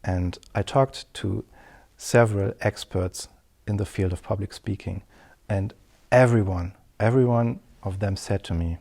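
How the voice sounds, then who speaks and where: A middle-aged man gives an earnest lesson on public speaking. His voice sits low, and he speaks very slowly, in measured steps. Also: gravelly, dark tone. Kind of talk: scripted lesson to camera.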